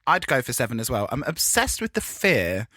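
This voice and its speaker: A man's voice: mid-range voice, sing-song, moderate pace, sharp tone, slightly rough, no echo, studio quality. A man in his thirties co-hosting a podcast, camp and sweary, gushing and slipping into quoted voices. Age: 30s. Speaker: podcast co-host. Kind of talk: casual chat.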